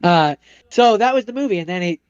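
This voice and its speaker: A man's voice: sits high, lively intonation, fairly quick, smooth, no echo, highs cut off. A man co-hosting a podcast, casually retelling a movie plot in a rambling way and acting out the characters' lines. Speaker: podcast co-host.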